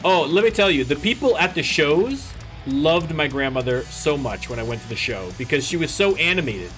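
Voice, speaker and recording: A man's voice: a little high, expressive, moderate pace, fairly bright tone, faint music behind. Joking canadian man chatting over a game. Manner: joking, rambling. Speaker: gaming channel host. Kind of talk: casual let's-play chat.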